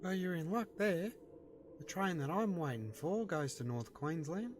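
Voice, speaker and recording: A man with an Australian accent voicing a friendly, laid-back bushman drifter in an animated show, easygoing and casually swearing. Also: a little high, normal speed, a little hiss or hum, lightly acted.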